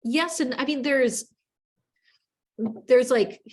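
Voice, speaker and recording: A woman radio journalist with an upper Midwestern accent, answering interview questions in a chatty, animated way with quick bursts and self-corrections. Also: high voice. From upper Midwest of the United States.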